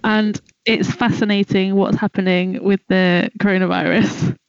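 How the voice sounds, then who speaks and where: A woman's voice: medium pitch, little pitch movement, normal speed, gravelly, clean tone, no echo. A British woman, a guest on a podcast, chatting casually in a matter-of-fact, wry way. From United Kingdom. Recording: dry, muffled online call audio.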